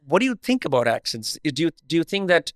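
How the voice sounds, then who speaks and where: A man from India with an Indian accent tinged with an American twang, hosting a podcast with candid, relaxed questions. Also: on the high side, quick pace, dry recording, studio quality. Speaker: podcast host. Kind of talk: casual interview chat.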